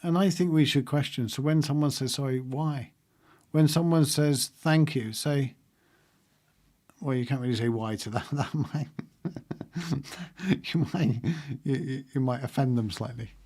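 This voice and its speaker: A man's voice: medium pitch, a little slow, pauses often, darkish tone. A man hosting a livestream, talking casually and reflectively to his viewers and laughing often. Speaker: livestream host.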